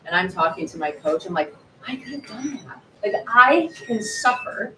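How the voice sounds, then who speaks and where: A woman in her forties, an author guest, telling her story in a lively way at a live book event, acting out quotes. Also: medium pitch, moderate pace. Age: 40s. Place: bookshop event space. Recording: roomy echo, distant mic, faint noise.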